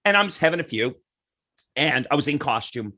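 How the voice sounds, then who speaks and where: A man's voice: medium pitch, fairly quick. A man chatting as a podcast guest, telling anecdotes and acting out the people in them. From Canada. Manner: animated, acts out quoted voices in anecdotes. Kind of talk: casual storytelling chat.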